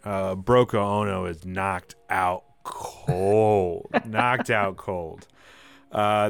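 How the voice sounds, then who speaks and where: Rambling game master, low smooth voice. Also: male voice, a bit bright, no room sound. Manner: casual, rambling, many fillers. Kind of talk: narrating a live tabletop game.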